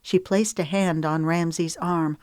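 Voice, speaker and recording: A woman narrating an audiobook in an even, measured storytelling manner. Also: lowish voice, smooth, no echo, clean studio sound.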